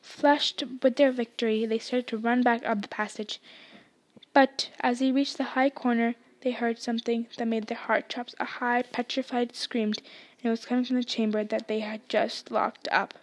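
A woman's voice: fairly high pitch, level tone, moderate pace. A woman reading a novel aloud expressively, dropping to a whisper in tense passages. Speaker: audiobook reader.

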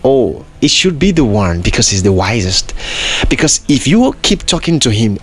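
A man's voice: mid-range voice, very animated, moderate pace, breathy edge, soft background music. A man hosting a podcast, preaching in an emphatic, repetitive way full of rhetorical questions. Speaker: podcast host. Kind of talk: preaching monologue.

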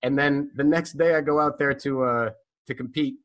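A man with a bright, forceful voice tells a story as a guest in casual talk. His delivery is animated and profane, with plenty of filler words, and his pitch sits in an ordinary middle range. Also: normal speed, highs cut off. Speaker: guest telling stories.

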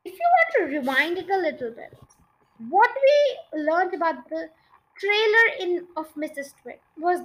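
Female podcast reader, high-pitched and bright, chatty, trips over words. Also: poor audio. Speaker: podcast storyteller. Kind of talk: reading a children's book aloud.

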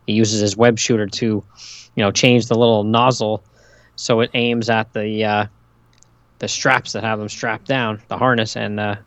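A man co-hosting a podcast, retelling comic scenes in a relaxed way and reading out dialogue. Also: on the low side, normal speed, no echo. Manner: relaxed, frequent "you know", reads out dialogue. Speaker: podcast co-host. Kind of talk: casual podcast chat recapping a comic.

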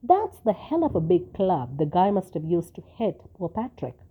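A woman reading a story, voicing hungry male policemen who chat casually and gruffly while eating. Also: on the low side, very animated, normal speed. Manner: casual and gruff, talking with mouths full. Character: hungry male policemen chatting over dinner. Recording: tinny phone-like sound.

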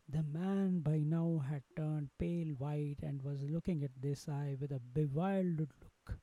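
A man hosting a podcast, telling a story in an unhurried narration with pauses and fillers. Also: a little high, fairly even intonation, mellow, no echo, low-quality recording. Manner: unhurried, with frequent fillers and restarts. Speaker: podcast host.

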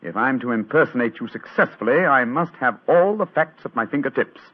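An actor playing a clever, brisk detective with a crisp, dryly amused manner in a 1940s radio drama. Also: male voice, mid-range voice, lively intonation, very noisy, lightly acted. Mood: composed. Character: brisk, clever male detective, middle-aged. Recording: tinny old radio broadcast.

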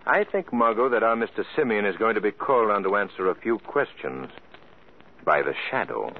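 An actor playing a calm, assured male detective in a 1940s radio drama. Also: fairly low pitch, a little fast, slight background noise. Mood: confident. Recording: phone-like old radio recording with music.

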